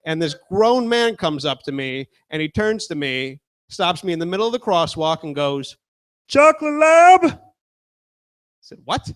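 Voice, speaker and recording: Crude young stand-up comic, high voice. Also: male voice, animated, normal speed, clean tone. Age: 20s. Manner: casual, crude, talks with the crowd. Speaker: stand-up comedian. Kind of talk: stand-up set.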